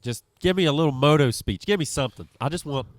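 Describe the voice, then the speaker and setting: Producer guy talking off to the side, halting and rambling, dry sound. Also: on the high side, animated, no room sound. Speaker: show producer. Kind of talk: casual chat.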